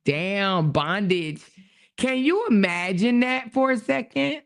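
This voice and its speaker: A woman hosting a casual livestream, reacting to chat with quick exclamations and reading messages aloud, with features. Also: medium pitch, expressive, gravelly. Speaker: livestream host.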